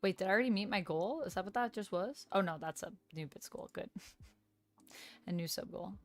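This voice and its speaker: A woman's voice: medium pitch, a little fast, soft background music. A woman streamer in casual live-stream chat, upbeat and playful, thanking viewers and reading chat aloud while moving around doing exercises. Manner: upbeat and playful, laughs often.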